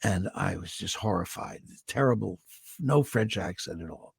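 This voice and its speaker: An older man from Indiana, a guest voice actor telling animated stories about his life on a video call. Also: sits low, normal speed, creaky, breathy edge, no echo, clean studio sound. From Indiana, USA. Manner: animated storyteller, slips into character voices for quotes. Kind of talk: anecdotal storytelling.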